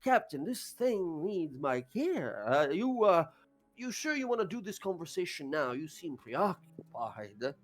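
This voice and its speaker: A man's voice: on the high side, very animated. A man voicing a fussy old priest. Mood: gentle. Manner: mild, fussy, halting speech. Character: kindly old male priest, gentle and pious.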